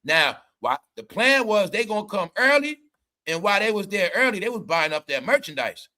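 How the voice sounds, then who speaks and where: A man's voice: high-pitched, sing-song, normal speed, sharp tone. A man giving casual, comedic commentary as a vlogger, rambling, swearing, laughing and stammering as he talks.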